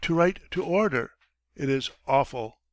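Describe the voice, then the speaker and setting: A man's voice: mid-range voice, expressive, measured pace, no room sound, natural voice. A man voicing a petty, self-pitying male writer who talks in a languid, moaning, self-important way.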